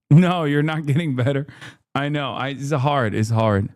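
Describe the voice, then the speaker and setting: A man's voice: medium pitch, darkish tone, dry recording, studio quality. A man streaming casual reaction commentary, profane and mocking, breaking into laughter.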